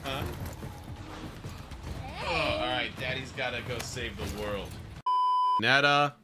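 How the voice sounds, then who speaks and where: A male streamer giving live gaming commentary, excitable and quick to laugh and yell at the game. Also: medium pitch, heavy background noise.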